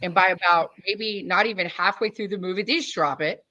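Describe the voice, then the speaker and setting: A woman's voice: on the low side, a little fast, highs cut off, over a noisy crowd. A woman chiming into a casual podcast chat with an eager comment.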